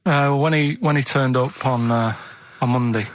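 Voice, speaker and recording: A man on comic radio, telling rambling anecdotes in a deadpan, matter-of-fact way. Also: mid-range voice, normal speed, no echo. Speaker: radio co-host. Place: radio studio.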